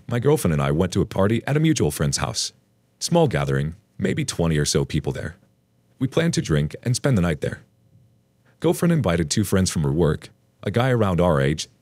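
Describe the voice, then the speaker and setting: A man narrating a forum relationship story aloud in a wry, animated storytelling manner. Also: low-pitched, no echo. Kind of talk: scripted narration of a forum post.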